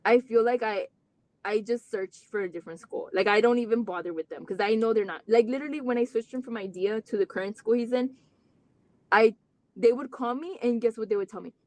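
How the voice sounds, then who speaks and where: The recording is dry, and the woman's fairly high voice moves briskly. A mother and guest in a live interview, she candidly recounts her family's story with earnest feeling, leaning on "like" through long run-on sentences and getting animated when she relays conversations.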